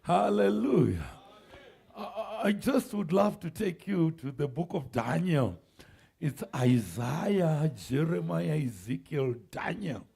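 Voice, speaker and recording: A man preaching a sermon, calling out to the congregation, shouting and laughing as he goes. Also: fairly high pitch, vocal fry, breathy edge. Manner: animated preaching with shouts, laughs and call-and-response. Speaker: pastor. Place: church sanctuary.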